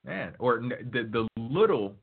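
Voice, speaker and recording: A man hosting a casual wrestling podcast, talking in a relaxed, laid-back way. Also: medium pitch, a little slow, gravelly, husky, faint music behind. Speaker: podcast host. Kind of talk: casual chat. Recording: phone-like lo-fi line.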